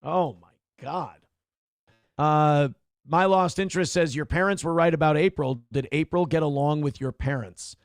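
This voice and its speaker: A middle-aged man with a gravelly, slightly higher voice hosts a casual livestream and answers chat in a candid, rambling way. The sound is dry and close, with no room around it. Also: moderate pace, no echo. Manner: candid, rambling with restarts and acted quotes. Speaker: podcast host reading chat comments.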